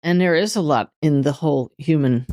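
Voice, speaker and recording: A woman being interviewed as a medium, telling lively stories and acting out inner dialogue. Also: sits low, moderate pace, no echo, studio quality. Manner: animated storytelling, voices inner dialogue. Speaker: guest medium. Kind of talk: interview conversation.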